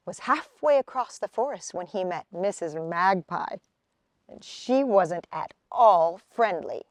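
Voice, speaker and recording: A woman reading a children's picture book aloud outdoors, unhurried and expressive. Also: on the low side, no echo, studio quality. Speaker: storybook reader.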